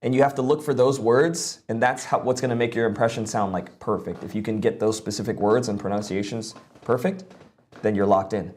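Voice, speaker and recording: A young man with a lowish, steady, slightly mellow voice streams live, briskly offering casual voice-acting advice. He's loose and profane, swearing bluntly and filling his speech with "like."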